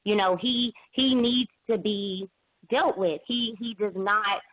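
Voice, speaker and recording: A woman calling in to a talk show, telling her account haltingly with many restarts and fillers. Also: medium pitch, steady tone, no echo. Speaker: caller. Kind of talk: emotional call-in account. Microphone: phone. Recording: tinny phone line.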